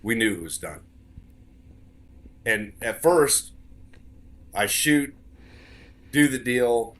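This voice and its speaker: A man's voice: mid-range voice, expressive, slow pace, fairly bright tone. A man as a podcast guest telling a story in casual conversation, earnest, repeating words for emphasis.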